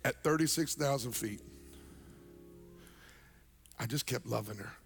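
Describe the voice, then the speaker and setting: A male pastor telling a story in a sermon, animated and comedic, swinging between loud punchlines and soft, earnest moments. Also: mid-range voice, a little slow, vocal fry, soft background music.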